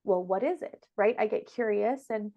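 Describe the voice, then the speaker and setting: A woman's voice: medium pitch, normal speed, dull audio. A young woman hosting a casual spiritual podcast conversation, chatty and emotional, laughing often. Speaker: podcast host and medium.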